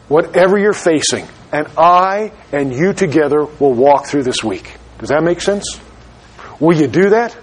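A man preaching a sermon as pastor of his church, urgent and slowing down for emphasis. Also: on the high side, husky.

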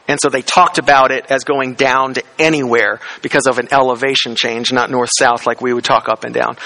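A man preaching a sermon, explaining a Bible passage verse by verse, asking questions and slowing down on key phrases for emphasis. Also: on the high side, bright, forceful tone, poor audio. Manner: expository, explains Greek words, asks the congregation questions. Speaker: pastor.

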